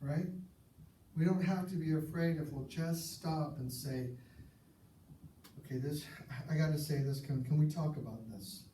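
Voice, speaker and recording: A man preaching a sermon, earnest and conversational, sometimes dropping his voice low for emphasis. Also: measured pace, warm tone. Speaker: pastor. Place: church sanctuary. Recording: echoey church hall, mic at a distance, faint hiss.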